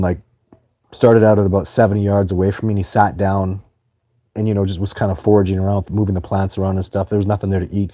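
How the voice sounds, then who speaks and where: A man's voice: low-pitched, dark tone, no echo. A man hosting a live stream, answering viewer questions in a casual, earnest and rambling way. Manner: earnest, rambling, many restarts.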